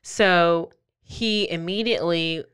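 Smooth-voiced woman telling a crime story. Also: lowish voice, slow. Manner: animated, acts out quotes in playful voices. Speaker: podcast host. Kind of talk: casual true-crime storytelling.

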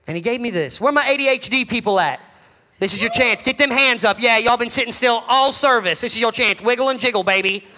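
High, bright-voiced preacher man. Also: a little fast, big-room sound. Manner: dramatic, building to shouts then dropping low. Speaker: pastor. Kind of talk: sermon. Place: church sanctuary.

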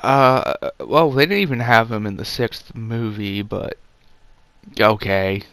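Male reviewer, low-ish and smooth, sarcastic off-the-cuff delivery with plenty of fillers, dry close sound. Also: slow, fairly bright tone, dry recording. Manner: sarcastic, rambling, many fillers. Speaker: movie reviewer.

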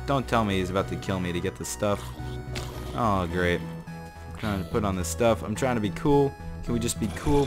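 A young man narrating his own gameplay, chatty and excitable, jumping from mumbles to panicked shouts. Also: mid-range voice. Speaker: gaming channel host. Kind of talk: gameplay commentary.

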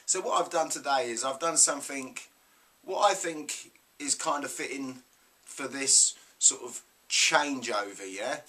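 A man with a British accent hosting a casual vlog of shout-outs, enthusiastic and checking in with "yeah?" as he talks. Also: medium pitch. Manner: enthusiastic, keeps adding "yeah?". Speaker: YouTube host.

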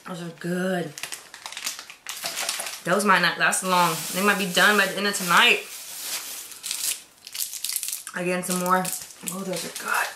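A woman's voice: on the low side, level tone, moderate pace, long pauses, reverberant, noisy background. A woman chatting casually as she unboxes a gift box, gushing and gasping, sometimes dropping to a whisper. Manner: gushing, gasps often, drops to whispers. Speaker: vlogger unboxing a swap box.

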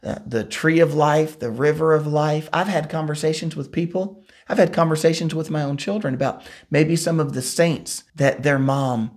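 A man teaching a Bible study. He reads scripture and retells it in an earnest, lively paraphrase. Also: a little high, moderate pace, hardly any pauses.

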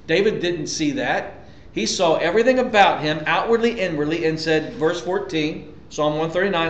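A man delivers a sermon in a fairly high voice, pushing his points with repeated words and questions thrown at the room. The sound is roomy and dull, like a lo-fi church recording. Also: a little fast. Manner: emphatic, conversational preaching with repetitions and rhetorical questions. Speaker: pastor.

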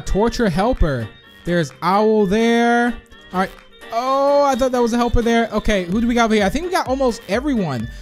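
A young man hosting a gaming video, chatting and reacting quickly with frequent laughs. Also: high-pitched. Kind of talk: excited gameplay commentary.

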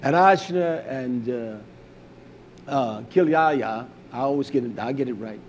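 A man preaching a sermon, shifting from loud emphatic exhortation to low intense delivery. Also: a little slow, lo-fi sound, slight background noise.

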